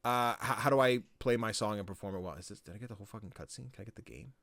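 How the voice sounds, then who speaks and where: A man's voice: lowish voice, rapid-fire, gravelly, a bit bright, no echo. A man co-hosting a podcast, casually recapping a story game, rambling with lots of filler words and frequent swearing. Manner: rambling, swears freely, lots of likes and ums. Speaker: podcast co-host.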